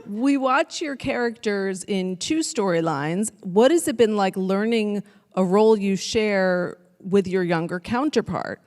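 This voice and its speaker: A woman moderating a panel interview on stage, asking relaxed questions and reading out audience questions. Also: mid-range voice, unhurried. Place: stage panel in a large auditorium. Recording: long hall reverb from a live stage.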